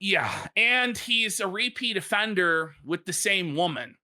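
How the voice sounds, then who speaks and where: A woman's voice: mid-range voice, expressive, measured pace, bright, forceful tone. A woman hosting a live stream, telling a story in casual commentary, laughing and swearing as she goes. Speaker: streamer host.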